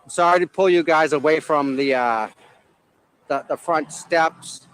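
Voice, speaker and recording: A friendly, chatty man with a Boston accent, reporting live from outdoors. His voice sits a little higher than most men's. He is picked up by a camera strapped to his body. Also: a little slow, a bit bright, smooth, rough recording. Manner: friendly and chatty, greeting viewers. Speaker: on-site livestream reporter. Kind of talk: casual live commentary. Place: outdoors by a courthouse. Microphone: body-worn camera.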